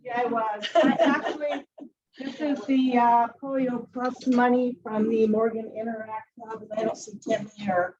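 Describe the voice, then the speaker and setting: A woman explaining a donation in a quick, flustered back-and-forth at a meeting. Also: a little high, fairly even intonation, a little mellow. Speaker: club member handing over a donation. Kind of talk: casual chat. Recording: distant muffled room recording, faint noise.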